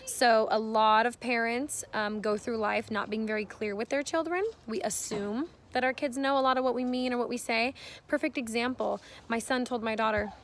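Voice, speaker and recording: A woman's voice: on the high side, steady tone, moderate pace, slight background noise. A woman in her thirties giving earnest parenting advice to camera, explaining at length in a casual way. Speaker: parenting vlogger.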